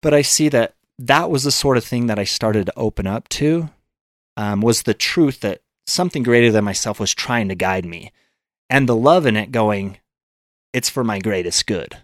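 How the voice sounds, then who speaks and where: A man's voice: fairly low pitch, lively intonation, moderate pace, dry recording, clean studio sound. A man telling a personal story as a podcast guest, earnest, acting out his own thoughts in quotes.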